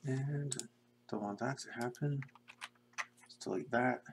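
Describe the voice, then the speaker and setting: A young man casually talking to himself in a flat monotone while drawing pixel art on a live stream. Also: mid-range voice, a little slow, noisy background. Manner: mumbling to himself, self-described monotone. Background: keyboard typing and clicking.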